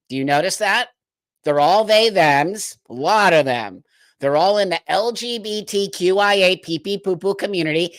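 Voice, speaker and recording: A man's voice: sits high, fairly bright tone, no room sound. A man hosting a livestream, giving opinionated commentary in a blunt, emphatic way, firing off rhetorical questions and reading viewer comments aloud. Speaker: livestream host.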